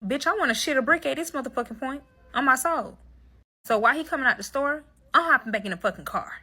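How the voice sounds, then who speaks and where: A woman's voice: high-pitched, lively intonation, quick pace, bright, forceful tone, breathy edge, soft background music. A woman telling a dramatic personal story to her listeners, profane and emphatic, talking straight to them. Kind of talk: casual storytime monologue.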